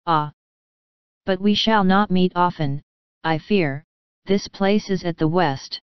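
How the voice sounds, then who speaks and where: A woman voicing a kindly older German professor who speaks in halting, formal, earnest phrases. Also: lowish voice, smooth, no echo, muffled recording.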